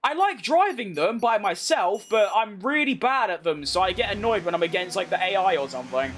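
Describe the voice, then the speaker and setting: A man with a London accent streaming a racing game, chatting with viewers and yelling excitedly at the race. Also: high voice, a little fast. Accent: London English. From London, England. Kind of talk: live gameplay commentary and chat.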